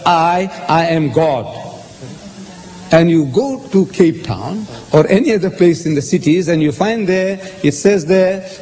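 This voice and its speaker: A man lecturing on Bible verses, animated, quoting passages and posing rhetorical questions. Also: fairly high pitch, unhurried, slight background noise. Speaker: lecturer on scripture. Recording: hall reverb with faint ambience.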